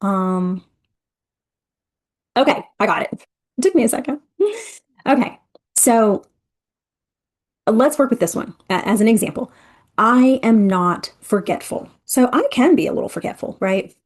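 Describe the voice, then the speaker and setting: A woman leading an interactive energy workshop, talking in a chatty, expressive way and speaking straight to her listeners. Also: on the high side, normal speed, long pauses.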